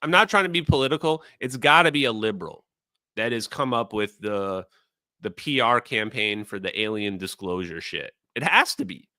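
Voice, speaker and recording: A man's voice: on the low side, lively intonation, normal speed, bright, forceful tone, no echo, studio quality. A man hosting a livestream, ranting in an exasperated, sarcastic way and talking straight to his chat. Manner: addresses the chat directly. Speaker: livestream host. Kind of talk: casual livestream rant.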